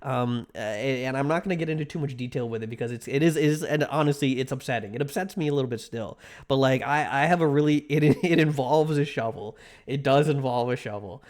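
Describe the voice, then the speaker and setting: A man streaming live, chatting with his viewers in a rambling, animated storytelling way, laughing often and poking fun at himself. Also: mid-range voice, fairly quick, hardly any pauses. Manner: self-mocking, answers chat directly. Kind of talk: casual live-stream chat.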